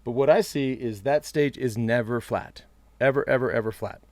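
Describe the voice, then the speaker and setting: A man's voice: medium pitch, normal speed, no room sound. Blunt, emphatic male podcast co-host. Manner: emphatic, blunt, repeats words and restarts often. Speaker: podcast co-host, race analyst. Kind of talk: casual podcast chat.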